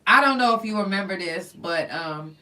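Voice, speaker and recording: A woman hosting a podcast, telling stories in a blunt, profane, animated casual chat. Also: mid-range voice, normal speed. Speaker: podcast host. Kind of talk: candid casual chat, storytelling. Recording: voice somewhat distant from the mic.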